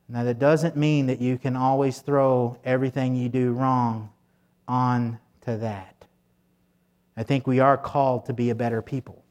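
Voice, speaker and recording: A man's voice: mid-range voice, flat delivery, normal speed. Guy preaching a sunday sermon, folksy and chatty, lots of "you know"s. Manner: conversational, folksy preaching with many fillers. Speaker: pastor.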